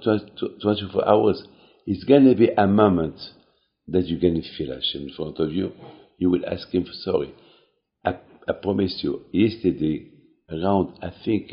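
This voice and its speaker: A man with a very low, gravelly voice gives an earnest short sermon, circling back over his words and stumbling into restarts. The recording sounds dull and lo-fi. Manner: earnest, repeating phrases, halting restarts. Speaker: cantor and speaker. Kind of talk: short talk to a congregation.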